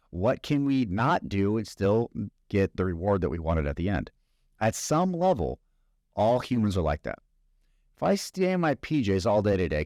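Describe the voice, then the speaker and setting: A man's voice: low voice, a little mellow, dry recording, clean studio sound. A man hosting a podcast, giving a conversational motivational business talk full of stories and rhetorical questions. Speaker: podcast host.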